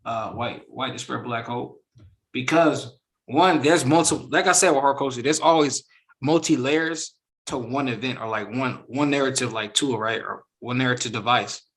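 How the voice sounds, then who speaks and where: A man hosting an informal reaction discussion speaks in a mid-range voice at a moderate pace. He's animated and emphatic, voicing quotes like a performance.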